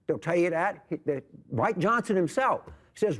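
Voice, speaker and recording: Older man, heated panel debate, repeats himself, lively rising pitch, fairly high voice. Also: normal speed, hardly any pauses. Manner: emphatic, repetitive, jumping between thoughts. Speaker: political commentator guest. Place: TV studio with audience.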